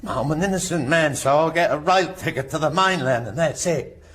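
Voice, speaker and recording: Playing an older British man let out after many years behind bars, a radio drama actor tells the story in a bitter, halting manner. The voice sits on the high side with a fairly bright tone, yet stays gravelly and husky.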